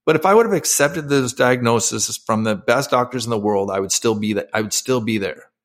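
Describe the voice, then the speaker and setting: A man's voice: mid-range voice, a little fast. A middle-aged man, a former pro athlete and podcast guest, telling his personal story candidly and emotionally, with many fillers and restarts.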